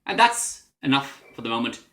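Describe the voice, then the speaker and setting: A man's voice: mid-range voice, very animated, moderate pace, pushed and bright, roomy sound. A man giving a spoken lesson on English accents, explaining patiently and now and then imitating them in short bits. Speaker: English teacher. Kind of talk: recorded language lesson.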